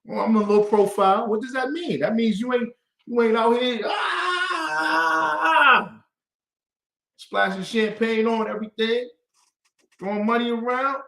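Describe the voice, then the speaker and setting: A man teaching a scripture class to a group, lively and conversational, acting out the voices he quotes. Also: sits high, gravelly, reverberant. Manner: lively, call-and-response, acts out quoted voices.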